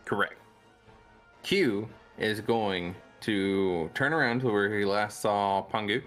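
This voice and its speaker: A man at a tabletop game table, fairly low-pitched for his talk yet animated. He describes his character's actions with jokes and enthusiasm, talking casually to the group. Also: takes it slowly, faint music behind. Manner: playful, jokey, animated when describing his moves. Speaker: player.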